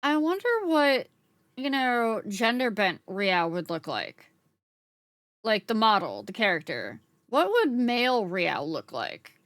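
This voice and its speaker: Bright-voiced streamer lady, chatty, swears a lot, dry close mic. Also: mid-range voice, big pitch swings, slow, dry recording. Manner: chatty, swears freely, laughs often, talks to chat. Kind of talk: casual live-stream chat.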